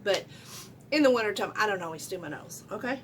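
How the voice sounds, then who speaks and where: A middle-aged woman giving a casual makeup tutorial at home, chatty and loud, often asking viewers questions. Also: mid-range voice, expressive, a little fast, a little hiss or hum. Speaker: beauty vlogger.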